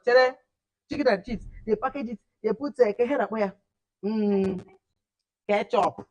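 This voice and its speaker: A woman teaching a class of children, animated and repeating words for emphasis. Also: on the high side, unhurried, highs cut off. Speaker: camp teacher.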